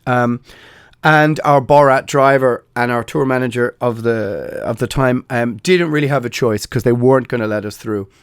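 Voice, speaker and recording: An Irish podcast host in his forties tells casual anecdotes, rambling along with many fillers and self-corrections. His medium-pitched voice is clear and resonant at a normal speed, recorded in studio quality with no echo.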